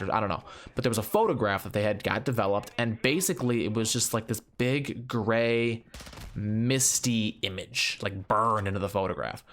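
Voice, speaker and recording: A man spins a story in a casual, rambling way with plenty of swearing and fillers. His voice sits on the low side. There is a faint layer of noise behind him. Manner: rambling, profane, lots of fillers. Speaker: gaming channel host. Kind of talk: casual storytelling over gameplay.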